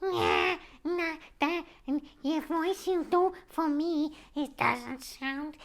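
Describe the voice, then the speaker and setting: A woman voicing an indignant man who complains loudly about how his voice is done. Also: high-pitched, big pitch swings, slow, voice pushed up, full character voice. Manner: whiny, protesting.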